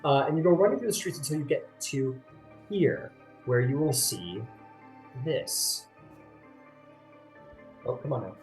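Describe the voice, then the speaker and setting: Rambling game master, roomy sound. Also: male voice, mid-range voice, sing-song, unhurried, long pauses, darkish tone. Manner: loose, rambling narration with many fillers. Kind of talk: narrating a tabletop game. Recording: roomy sound with faint music.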